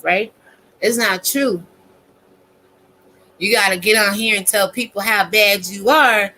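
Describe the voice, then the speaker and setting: A woman's voice: medium pitch, pushed and bright, slight background noise, low-quality recording. A woman content creator ranting casually to her viewers, blunt, profane and preachy.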